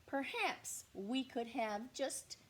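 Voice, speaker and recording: A small, persistent gray mouse from a picture book asks politely for tea and cheese, as a woman puts him on. He sounds apologetic and gently pleading, in a high, lilting, breathy voice. He keeps coming back, always courteous. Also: animated, takes it slowly, heavily acted. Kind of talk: picture book read-aloud.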